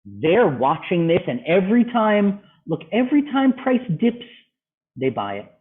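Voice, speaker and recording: This man's voice sits high, with wildly swooping pitch and a slightly slow delivery. He leads a trading club session by video call, reviewing charts and questioning a student, and the audio has a phone-like quality.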